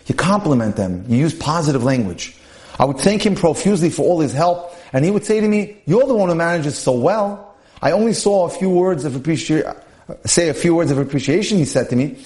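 A man's voice: fairly high pitch, lively intonation, fairly quick, darkish tone. A man giving an earnest podcast lecture on marriage, reading a personal story aloud and speaking straight to his listeners. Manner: earnest, preachy, addresses listeners directly.

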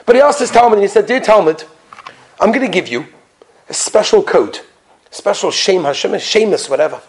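A high-voiced rabbi gives a brisk, animated weekly Torah talk as a storytelling sermon. He leans on rhetorical questions for his listeners and occasionally drops to a hushed whisper for emphasis.

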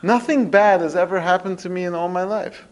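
Humble old sage, as a storyteller puts him on, sounding amazed, voice going up. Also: male voice, high-pitched, brisk, slight background noise, natural voice. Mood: wondering. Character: humble poor old male sage, gentle.

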